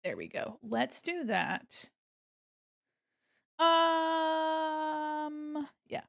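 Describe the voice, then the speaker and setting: Slow-talking gravelly woman streamer. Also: high-pitched, lively intonation. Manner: chatty and jokey, talking to herself while working; bursts of laughter and silly asides. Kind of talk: casual chat while drawing on a livestream.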